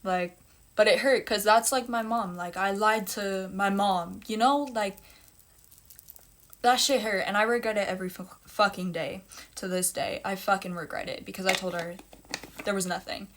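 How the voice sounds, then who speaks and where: A woman's voice: medium pitch, steady tone, normal speed, a bit bright, slight background noise. Blunt, swearing young woman telling a story. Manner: blunt, heavy swearing, emphatic repetition. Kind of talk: casual storytime monologue.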